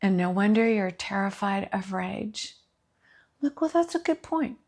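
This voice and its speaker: Slow-talking, earnest woman podcast host. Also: mid-range voice, lively intonation, darkish tone. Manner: earnest, storytelling, quotes others in acted voices. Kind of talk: personal reflective talk.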